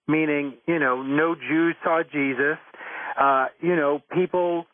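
A man being interviewed about his book, telling stories in a gentle, reflective way. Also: fairly high pitch, no room sound. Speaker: author and interviewee. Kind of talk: interview storytelling. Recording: tinny phone line, dry.

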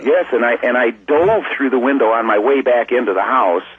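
A man telling a long story as an interview guest, in a folksy, rambling way that grows animated when excited. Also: medium pitch, fairly quick, slightly rough, dry recording. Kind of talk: casual storytelling. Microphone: phone. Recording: tinny dry phone line.

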